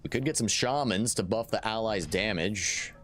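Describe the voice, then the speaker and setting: A man streaming a strategy game live, commentating in an excitable, jokey way and often restarting his sentences. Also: lowish voice, moderate pace, soft background music. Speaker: gaming streamer.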